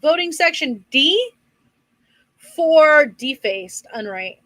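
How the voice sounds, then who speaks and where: A woman co-hosting a casual live-streamed podcast, briskly giving schedules and plugs. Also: sits high, lively intonation, sharp tone, dry recording, low-quality recording. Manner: brisk, gives announcements and plugs. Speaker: podcast co-host.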